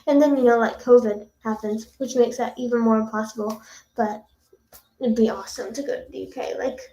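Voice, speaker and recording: A woman's voice: on the high side, steady tone, a little fast, warm tone. A young woman, a singer, chatting casually with viewers on a livestream in a bubbly, chatty way. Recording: echoey room.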